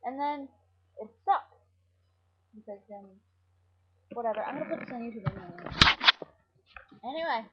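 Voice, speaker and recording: A woman's voice: fairly high pitch, normal speed, pauses often, very noisy. A woman vlogging at home, chatting in a scattered, giggly and profane way to her webcam. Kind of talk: rambling casual webcam chat. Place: at home indoors. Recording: dull lo-fi webcam audio.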